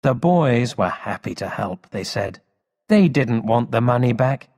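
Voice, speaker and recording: A man slowly reading a story aloud for English learners, with expressive storybook delivery. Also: medium pitch. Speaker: story reader. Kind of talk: slow read-aloud narration for English learners. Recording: long hall reverb.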